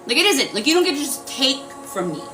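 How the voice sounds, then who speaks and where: A young woman talking casually to her viewers, animated and full of filler words, swearing freely. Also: high voice, fast, soft background music. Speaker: energy healing vlogger.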